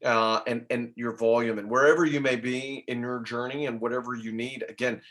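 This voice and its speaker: A middle-aged man giving casual coaching talk to real estate agents, chatty and animated, acting out phone calls. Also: medium pitch, fairly quick.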